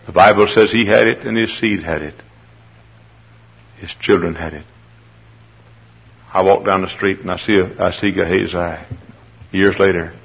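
A man's voice: low-pitched, steady tone, moderate pace, gravelly, pauses often, slightly rough. A man preaching a sermon and telling the story dramatically. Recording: dull lo-fi sermon recording.

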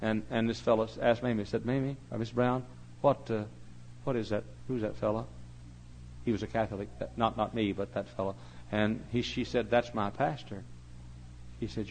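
Male pastor, gravelly voice, hollering sermon style, faint hum under the recording. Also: lowish voice, steady tone, moderate pace, rough recording. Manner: hollering preacher, swings from hushed to shouting.

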